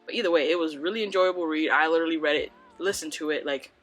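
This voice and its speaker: Young woman, casual home vlog chat, chatty and rambling, slightly low-pitched. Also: fast talker. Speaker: book vlogger. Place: home room by bookshelves.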